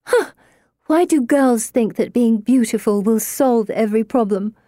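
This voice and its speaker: A woman playing a whiny, high-voiced teenage girl. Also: unhurried, mellow, no room sound, clean studio sound, lightly acted. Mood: plaintive.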